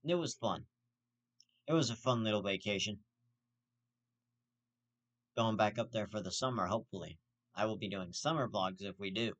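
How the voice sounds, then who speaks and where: Ranting heatedly on his own commentary vlog, a man with a lowish, slightly bright voice talks at normal speed with long pauses. The commentary is profane, with heavy swearing and frequent restarts.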